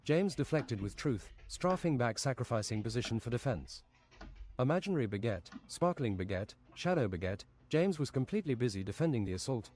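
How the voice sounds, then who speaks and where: A man reading an absurd fantasy story aloud on a stream in a deadpan, matter-of-fact way. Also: medium pitch, brisk.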